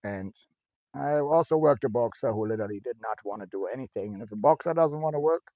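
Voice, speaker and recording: A man with a German accent chatting casually as a dog trainer, lively and explaining patiently. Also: mid-range voice, quick pace, dry recording. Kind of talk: casual chat.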